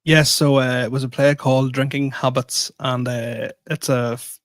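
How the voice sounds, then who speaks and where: A man's voice: mid-range voice, normal speed, no room sound. A man co-hosting a podcast, telling a story in casual chat and poking fun at himself. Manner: animated, self-mocking storyteller. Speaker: podcast co-host.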